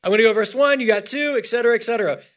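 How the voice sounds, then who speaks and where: A man preaching as a youth pastor, energetic and exhorting, leading a congregation through a call-and-response scripture reading. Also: very high-pitched, rapid-fire. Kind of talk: sermon.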